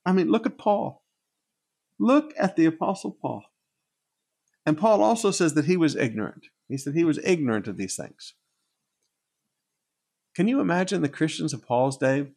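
A man preaching a sermon, with a gravelly, husky voice, repeating phrases for emphasis. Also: a little high, lively intonation, moderate pace, pauses often, darkish tone. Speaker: pastor.

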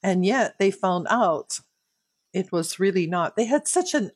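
A Bible teacher reads a chapter aloud and explains it verse by verse, her tone slow, earnest and personally devotional. Her voice is medium-pitched, expressive and husky, in a dry recording.

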